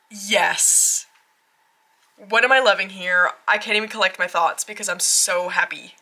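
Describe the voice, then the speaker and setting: A woman walks through a new tarot deck in her home tarot room, gushing and excitable, with gasps and filler words between her thoughts. Her voice is bright and forward, set at an ordinary middle pitch for a woman. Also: a little slow. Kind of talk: casual unboxing walkthrough.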